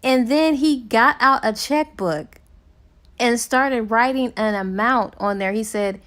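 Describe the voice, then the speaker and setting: A woman's voice: fairly high pitch, slow pace, fairly bright tone. A woman book reviewer retelling a novel's plot in a casual, chatty way with fillers and small laughs.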